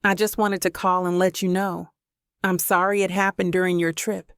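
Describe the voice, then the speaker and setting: Woman doing a tearful mother, shaky, tender, slightly higher, gravelly edge. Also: flat delivery, moderate pace, no room sound, studio quality, lightly acted. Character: grieving middle-aged mother, shaky and tender.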